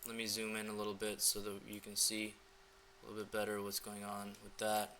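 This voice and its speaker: A man's voice: lowish voice, completely flat delivery, fairly quick, pushed and bright, slight background noise. A young man in a loose, filler-heavy casual walkthrough, coaching viewers on dating messages. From United States. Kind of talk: casual screen-recording walkthrough.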